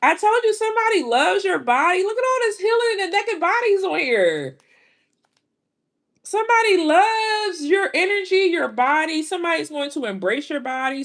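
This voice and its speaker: A middle-aged woman, reading tarot in casual, animated talk full of exclamations. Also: high voice. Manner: animated, exclaiming, drawn-out reactions. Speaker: tarot reader.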